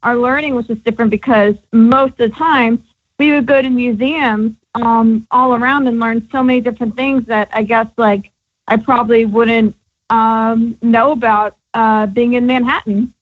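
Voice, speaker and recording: Woman interview guest, from the American South, slightly high voice, easygoing, dull lo-fi audio. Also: fairly even intonation, moderate pace. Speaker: guest performer.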